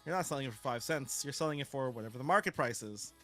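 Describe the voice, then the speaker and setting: A man's voice: mid-range voice, expressive, quick pace, a bit bright, faint music behind. A man streaming a live card break, chatting casually and ranting with swearing and frequent chuckles.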